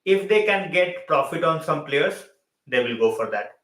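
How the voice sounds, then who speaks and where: A man's voice: on the high side, expressive, moderate pace, a bit bright, reverberant, rough recording. A man hosting a live football stream, switching between Hindi and mid-sentence and repeating his phrases. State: tired and yawning late at night. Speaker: football channel host.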